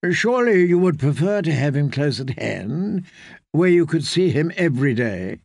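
Male reader doing a haughty queen, condescending and cold, raspy in a dry room. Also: low voice, very animated, moderate pace, darkish tone, no echo, heavily acted. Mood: imperious. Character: haughty scheming middle-aged queen.

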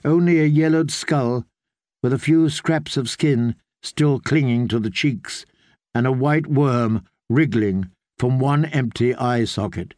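A man narrating an audiobook in a measured storytelling manner. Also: medium pitch, a little mellow, dry recording, studio quality. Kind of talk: scripted narration.

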